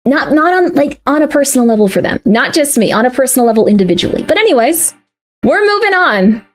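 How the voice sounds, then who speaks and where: High-voiced agitated female streamer. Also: quick pace. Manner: agitated, then talks herself into calm. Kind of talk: livestream talk.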